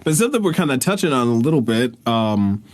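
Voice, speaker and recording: A man's voice: mid-range voice, very animated, fast talker. Casual man hosting a podcast. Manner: casual, restarts often, agrees with "right" and "exactly". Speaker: podcast host.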